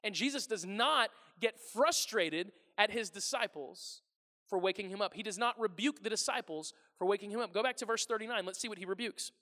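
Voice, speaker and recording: A man's voice: high voice, a little fast, sharp tone. A man preaching a sermon as pastor. He talks in a conversational way, asks the congregation questions and acts out the people he quotes. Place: church sanctuary. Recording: long hall reverb.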